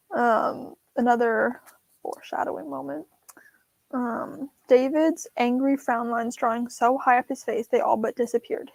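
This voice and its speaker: A woman's voice: fairly high pitch, vocal fry, a little mellow, no room sound. A young woman co-hosting a casual livestream book discussion, giggly and fond of reading passages aloud in voices. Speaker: book club co-host.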